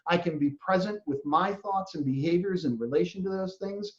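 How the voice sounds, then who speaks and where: Gentle, earnest man in a roomy space. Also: high voice, very animated, normal speed. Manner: gentle, earnest, acts out inner voices. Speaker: spiritual teacher. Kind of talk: reflective spiritual talk. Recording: roomy, dull lo-fi recording.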